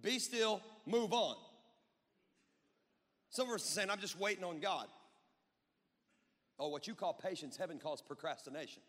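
A male pastor preaching a joking, energetic sermon that builds up to shouting. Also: on the high side, a little fast, pauses often, in a large hall. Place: church sanctuary.

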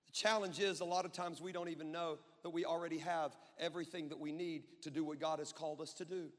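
A male pastor preaching a joking, energetic sermon that builds up to shouting. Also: on the high side, fast, in a large hall. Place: church sanctuary.

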